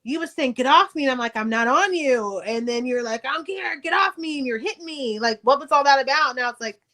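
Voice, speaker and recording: Profane, animated woman telling her story. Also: sits high, fairly quick. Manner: candid, profane, animated retelling. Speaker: podcast guest, author. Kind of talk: casual storytelling interview.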